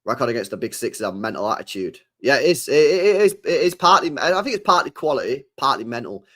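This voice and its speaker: A man's voice: mid-range voice, big pitch swings, quick pace, fairly bright tone. A young man, chatting casually on a livestream, repeating phrases and ending lines with mate and bro. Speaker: football channel host. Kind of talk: casual livestream chat reading super chats.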